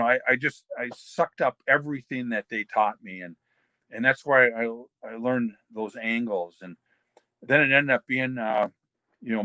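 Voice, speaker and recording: An older man spins long, rambling stories as an interview guest, acting out what others said without changing his voice. His voice is bright and forceful, and it sits at a middle pitch. The recording is dry and close, with no room sound. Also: no echo, rough recording. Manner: rambling anecdotes, quoting others in his own voice. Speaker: interview guest, former pro wrestler. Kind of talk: casual storytelling shoot interview.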